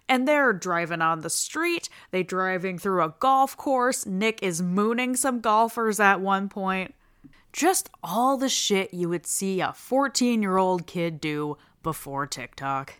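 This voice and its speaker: Bright-voiced woman doing a crude comedy recap. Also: medium pitch, smooth. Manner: casual, crude, joking. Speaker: show recap host.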